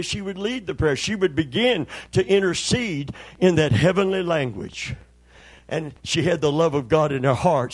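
An older man preaching a sermon, telling folksy stories and acting out the voices in them. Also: a little high. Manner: folksy storyteller, acts out voices in anecdotes. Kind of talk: sermon with storytelling.

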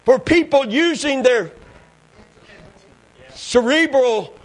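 A man preaching a fervent sermon, breaking into shouted bursts and hallelujahs. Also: very high-pitched, expressive, slow. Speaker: pastor.

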